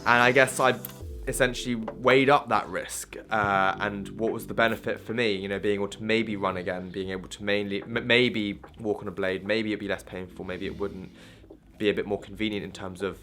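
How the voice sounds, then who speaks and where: A man's voice: lowish voice, fairly even intonation, brisk, sharp tone, faint music behind. A young man talking candidly to camera in a casual vlog, rambling with many restarts and fillers. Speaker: vlogger.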